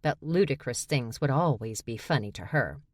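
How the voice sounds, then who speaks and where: A woman's voice: extremely low pitch, expressive, normal speed, no room sound. A woman narrating an audiobook with wry, dry storytelling. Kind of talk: scripted narration.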